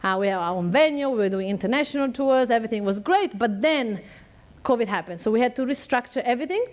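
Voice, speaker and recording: A woman's voice: on the high side, expressive, fast talker. A woman with an Italian accent, a native Italian speaker, chattily telling her business story to an audience and laughing often. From Italy. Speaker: business coach and podcast host.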